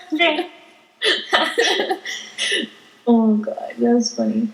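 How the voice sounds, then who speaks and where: Slow-talking teen girl, echoey room. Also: on the high side. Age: teenager. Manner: giggly, animated storytelling. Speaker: podcast guest. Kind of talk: casual chat.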